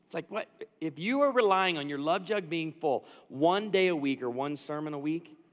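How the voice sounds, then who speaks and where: A man preaching a sermon as a pastor, talking conversationally and turning to the audience with quick asides. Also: a little high. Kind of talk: storytelling sermon. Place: church auditorium. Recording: long reverb of a large hall.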